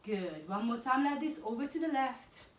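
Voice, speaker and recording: A woman yoga instructor calmly guiding a class through breath and poses with encouraging cues. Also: a little high, moderate pace. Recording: echoey room, voice from a distance.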